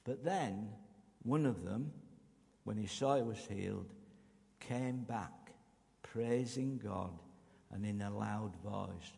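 Male preacher, low gravelly voice, slow measured sermon, long church reverb. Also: darkish tone.

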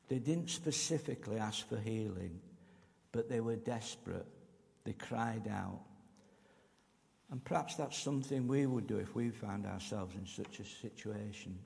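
Male preacher, unhurried and deliberate, deep gravelly tone, recorded in a reverberant hall. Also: darkish tone. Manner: slow, measured preaching with emphatic pauses. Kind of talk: sermon.

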